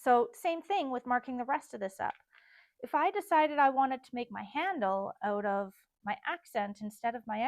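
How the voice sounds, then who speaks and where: A woman's voice: on the high side, dry recording. A woman designer teaching a casual step-by-step sewing tutorial, chatting and thinking aloud as she works.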